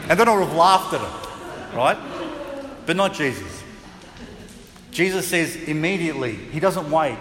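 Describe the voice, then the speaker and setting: A man preaching a sermon as pastor, chatty and lively, now and then acting out voices with a laugh. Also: a little high, long reverb tail, background noise. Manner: conversational, acts out voices and laughs.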